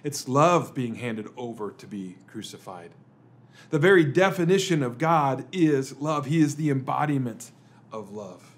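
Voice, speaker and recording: Guy pastor doing a dramatic sermon, lots of rhetorical questions, loud then quiet, middle pitch. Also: animated, a little slow. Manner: rhetorical questions, swings between emphatic and hushed. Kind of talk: dramatic Good Friday sermon.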